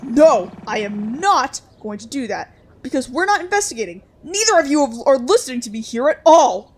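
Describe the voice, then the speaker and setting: A woman's voice: high-pitched, animated, normal speed, a little hiss or hum. A woman voicing a cautious young woman who pleads anxiously with her friends, read aloud from a game. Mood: worried.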